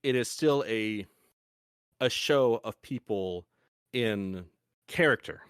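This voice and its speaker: Low-voiced man talking close to the mic. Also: slow, smooth, no room sound. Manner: rambling, explanatory, many restarts. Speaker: podcast host. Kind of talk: casual podcast chat.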